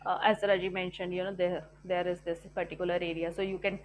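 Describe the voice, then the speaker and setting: A woman's voice: lowish voice, flat delivery, fast, slight background noise, poor audio. A woman, giving a patient, filler-heavy talk in an online group session. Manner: explains patiently with many fillers and tag questions. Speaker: session speaker on business analysis.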